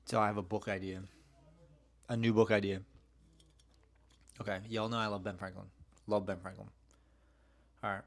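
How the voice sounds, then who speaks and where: A man's voice: lowish voice, flat delivery, moderate pace, vocal fry, pauses often. A man hosting a casual solo podcast, telling stories in a rambling, slangy way with frequent swearing. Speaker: podcast host.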